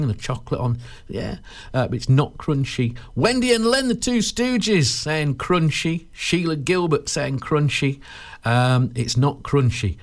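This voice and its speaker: Give me an English man hosting local radio, his voice pitched high for a man. He talks in loose, jokey banter, rambling along and tripping over repeated words as he goes. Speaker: radio presenter.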